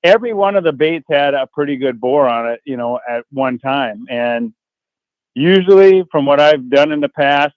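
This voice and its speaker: A man's voice: medium pitch, no echo, rough recording. A man, a guest from an outdoor adventure TV show, telling hunting stories in a folksy, rambling way on a radio call-in. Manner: rambling, folksy, restarts sentences. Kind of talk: casual radio interview storytelling.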